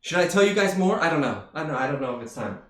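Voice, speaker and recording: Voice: medium pitch, expressive, very fast. A streamer doing improvised live comedy, chatting and joking directly with viewers. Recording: roomy echo.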